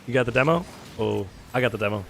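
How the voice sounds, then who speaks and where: An American man streaming a video game, casually bantering and joking with viewers, swinging between loud excitement and low mumbling. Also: fast talker, creaky, slight background noise. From United States. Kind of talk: casual gaming chat with viewers.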